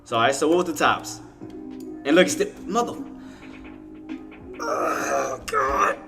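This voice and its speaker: A man's voice: a little high, expressive, fairly quick, a bit bright, soft background music. A man giving live commentary on his trading, exasperated, swearing and talking straight to his chat viewers. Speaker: day trader streaming to viewers.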